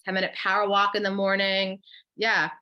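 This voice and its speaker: A woman's voice: mid-range voice, monotone, normal speed, bright, forceful tone, highs cut off. Woman coach, New Jersey accent, encouraging webinar host, mid-range voice, live chat read-outs. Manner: chatty, encouraging, guides breathing exercises. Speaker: wellness coach co-hosting a workshop.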